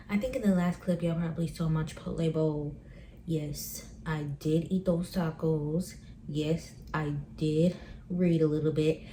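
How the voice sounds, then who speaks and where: A young woman chatting upbeat into her phone camera at home, her voice low-pitched and mellow. She talks loosely and keeps reaching for fillers. A faint hiss of noise sits under the recording. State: pregnant. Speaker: book vlogger. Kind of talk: casual vlog chat.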